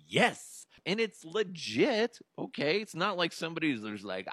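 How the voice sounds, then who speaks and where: Man, comic commentary host, higher voice, profane, animated. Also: a little slow, few pauses, no echo, clean studio sound. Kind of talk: comedic news commentary.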